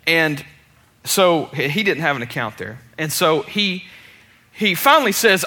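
A male preacher tells his story from the pulpit in a loose, conversational way. His voice sits high and sounds piercingly bright, rising and falling freely as he stumbles, restarts, and pokes fun at himself. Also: animated, unhurried. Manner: casual and chatty, with many restarts and self-deprecating asides. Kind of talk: storytelling sermon.

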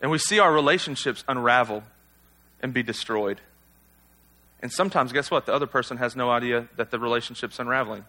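A man's voice: medium pitch, brisk, bright, forceful tone. A male pastor giving a sermon in a conversational, self-deprecating way, full of rhetorical questions to the congregation.

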